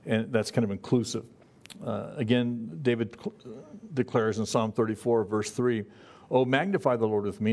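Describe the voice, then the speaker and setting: Male pastor, relaxed Bible-study sermon, folksy and unhurried, stops and restarts often. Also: on the low side. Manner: folksy, halting delivery with many fillers and restarts.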